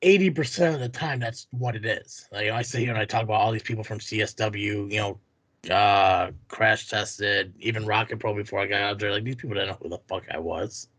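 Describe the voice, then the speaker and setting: A man's voice: on the low side, brisk, a bit bright, no echo. A man hosting a podcast, rambling in casual, profane chat with many fillers. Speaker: podcast host.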